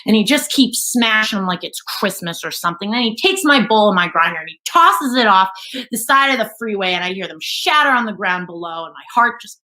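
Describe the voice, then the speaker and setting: A woman's voice: medium pitch, lively intonation, fairly quick, pushed and bright, poor audio. A woman from New York telling a personal story live, casual and profane, acting out the people in it.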